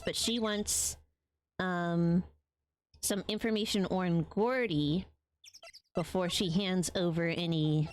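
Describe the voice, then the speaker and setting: A young woman streamer chatting casually while playing a game, rambling with many ums. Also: medium pitch. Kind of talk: casual let's-play commentary.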